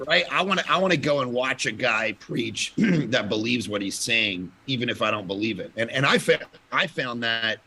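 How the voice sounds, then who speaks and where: A man, a pastor, telling lively stories in a casual conference talk, with loud bursts of emphasis and frequent laughter. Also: mid-range voice, moderate pace, a little hiss or hum. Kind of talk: casual storytelling at a conference panel.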